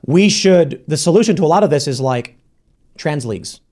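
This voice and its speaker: A man's voice: a little high, animated, normal speed, a little mellow. A man hosting a podcast, talking bluntly and casually, swearing and acting out quoted voices as he argues. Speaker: podcast host. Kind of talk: casual talk-show conversation.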